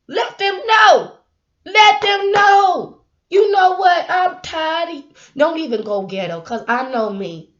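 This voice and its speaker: A young woman talks straight to her camera in a casual, motivational vlog. She is animated and often laughs, now and then breaking into sudden loud bursts. Her voice sits a bit high, and the recording sounds dull and lo-fi. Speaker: YouTube vlogger.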